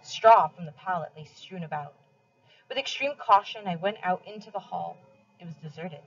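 A woman reading a novel aloud for a class, with steady, expressive first-person narration and pauses for study questions. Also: fairly low pitch, husky, lo-fi sound.

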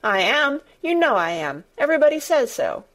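A woman's voice: lively intonation, unhurried, close to an everyday voice. A woman voicing a spoiled, sickly boy who is petulant and imperious, with a sulky, sneering manner. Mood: self-pitying. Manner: sulky, sneering, shrill when angry.

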